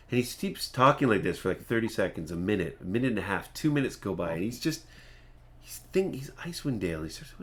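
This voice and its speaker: Game master, male, lowish voice, meandering scene-setting, restarts lines, casual tabletop session. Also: fairly bright tone. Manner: meandering, restarts sentences while describing.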